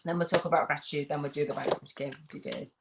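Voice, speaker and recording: Low-voiced chatty woman host. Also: steady tone, very fast, background noise. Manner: chatty, laughs often, stumbles over reading. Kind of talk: casual livestream chat.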